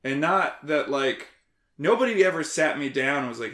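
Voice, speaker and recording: An animated man chatting as a guest, his pitch leaping all over as he talks, sarcastic and quick to swear. His tone is bright and forceful. The voice rings in a noticeably echoey room. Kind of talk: casual conversation. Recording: roomy echo.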